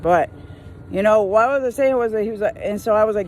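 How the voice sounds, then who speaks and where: A woman's voice: medium pitch, brisk, darkish tone, slight background noise. A woman who works in retail, venting in a casual rant while driving, exasperated and full of slang, mimicking customers as she goes. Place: in a car.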